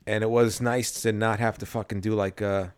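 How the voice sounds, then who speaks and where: A man's voice: lowish voice, little pitch movement, normal speed, clear, resonant tone. A man co-hosting a podcast in casual chat, joking and swearing a lot as he rambles through a story. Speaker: podcast co-host.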